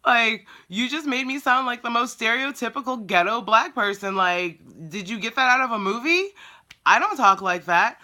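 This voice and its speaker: Blunt, exasperated woman vlogger telling a story. Sharp, bright tone. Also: on the high side, expressive, moderate pace. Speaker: dog groomer. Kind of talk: casual storytelling vlog.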